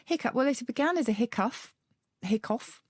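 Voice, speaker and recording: A woman's voice: on the high side, lively intonation, moderate pace, no echo. A middle-aged woman co-hosting a podcast about words, explaining word origins with enthusiasm and frequent asides. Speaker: podcast co-host, word expert. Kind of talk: conversational explanation.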